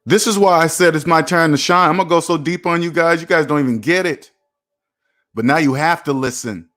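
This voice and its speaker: Speaking briskly in a fairly high, fairly bright voice, this man runs a personal finance channel. His motivational livestream talk is aimed straight at viewers and comes across as preachy, repetitive and emphatic.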